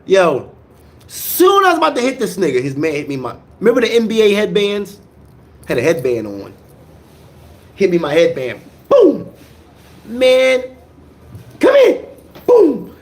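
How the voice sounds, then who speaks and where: A man with a slightly higher voice tells a rough story in casual, slangy talk. He drops to low mutters for asides, then bursts out loud on the action. He stutters and repeats words as the story runs away with him. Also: measured pace, pauses often. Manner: animated, jumps from low mutters to loud outbursts.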